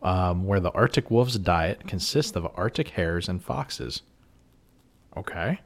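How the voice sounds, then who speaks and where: Joking man with a lowish voice. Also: expressive. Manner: teasing, laughs often, quick back-and-forth. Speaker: podcast co-host. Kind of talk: casual film discussion.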